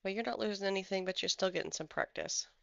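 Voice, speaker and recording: Gravelly voice in casual trading talk. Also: mid-range voice, fast, bright, forceful tone, no echo, dull audio. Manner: rambling, thinks aloud while scrolling charts. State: has the hiccups. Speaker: stock trading streamer. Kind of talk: casual live trading commentary.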